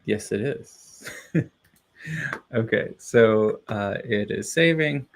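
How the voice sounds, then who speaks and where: A man's voice: fairly low pitch, slow. A man chatting casually on a live stream, rambling and cheering himself on with frequent laughs. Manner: rambling, self-encouraging, laughs often.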